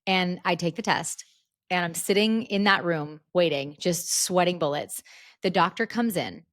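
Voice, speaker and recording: A woman in her thirties hosting a podcast, telling a personal story in a casual, animated way with lots of restarts. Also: lowish voice, no room sound, clean studio sound. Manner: animated, breathless retelling with many restarts. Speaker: podcast host.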